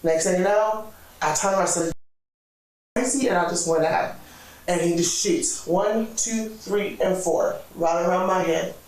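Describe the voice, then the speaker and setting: A woman's voice: on the low side, moderate pace. A woman tells her story in an interrogation room, acting out each quoted line with animation. The room rings with echo, and she sits well back from the microphone. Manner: animated, acts out quoted dialogue. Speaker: interrogation subject. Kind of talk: recounting events in an interview. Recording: echoey room, distant mic.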